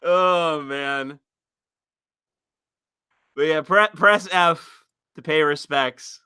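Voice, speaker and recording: Streamer dude cussing and grumbling at his screen, super bright voice, dry close sound. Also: on the high side, extremely slow, clean tone, dry recording. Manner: profane, exasperated, laughs often. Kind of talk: casual live-stream chat.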